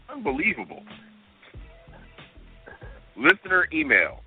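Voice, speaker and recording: A man's voice: on the high side, wildly swooping pitch, slow, pauses often. A man co-hosting a talk radio show, reading out listener emails with exasperated, disbelieving outbursts. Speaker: radio co-host. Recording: tinny phone-line radio sound with music.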